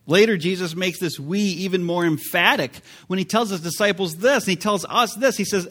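A middle-aged male pastor delivers a sermon in a loose, conversational way, with fillers like "uh" and "you know." His voice sits a little high for a man, and he leans hard into key phrases with sudden bursts of emphasis. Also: fairly quick, few pauses, sharp tone.

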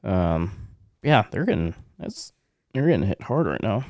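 Deep-voiced young man, hesitant chat. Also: big pitch swings, a little slow, darkish tone, no echo, studio quality. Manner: hesitant, many ums and likes. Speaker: podcast co-host. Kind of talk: casual news chat.

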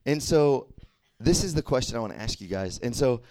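A man's voice: medium pitch, lively intonation, brisk, a little mellow. A young man from the American South preaching a casual sermon and checking in with listeners with frequent "right?" and "okay?". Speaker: youth preacher.

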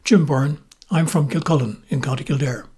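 A man's voice: a little high, normal speed, a little mellow, husky. A man voicing a sociable, easygoing publican with a genial way of talking.

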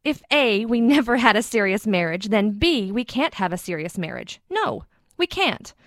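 A woman's voice: fairly high pitch, big pitch swings, moderate pace, fairly bright tone, no echo. A woman performing a monologue as a wife who refuses a divorce, dramatic and bitterly joking. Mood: bitter, wry. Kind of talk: acted monologue.

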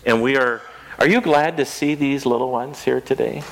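A children's sermon from a man pastor in a rural church: he talks conversationally at a moderate pace and medium pitch, asking the children simple questions. The recording quality is low.

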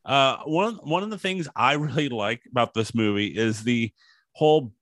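A man talks through a film with friends in a loose, rambling way, stopping and restarting his thoughts and slipping into quoted lines. His voice sits at an ordinary pitch and sounds dry and close, with no room around it. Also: lively intonation, moderate pace, fairly bright tone, dry recording. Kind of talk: casual movie chat.

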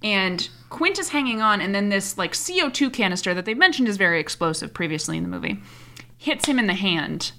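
A bright, forceful-sounding young woman in her twenties chats through a movie recap. She tells it with animated energy and drops casual swears along the way. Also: medium pitch, a little fast, a little hiss or hum. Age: 20s. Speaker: podcast co-host.

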